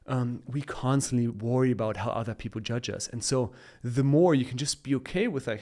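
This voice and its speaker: A man's voice: medium pitch, normal speed, few pauses, dark tone. A man chatting as a guest on a casual podcast, upbeat and coaching in tone, laughing often as he talks.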